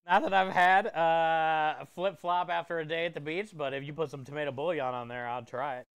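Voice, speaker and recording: Smooth-voiced man chatting while cooking. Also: on the high side, little pitch movement, fairly quick, no echo. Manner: easygoing, joking with chat, chuckles often. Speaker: food truck chef and livestreamer. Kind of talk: casual livestream cooking chat.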